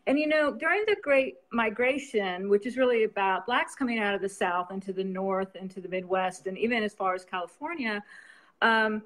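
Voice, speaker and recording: A woman's voice: mid-range voice, moderate pace, a bit bright. A woman novelist chatting casually as an interview guest, rambling and laughing often.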